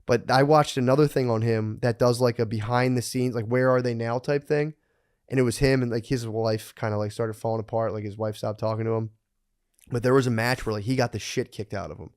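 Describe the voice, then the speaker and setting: Man, thirties, podcast co-host, casual chat, crude, excitable, swearing. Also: mid-range voice, fairly quick.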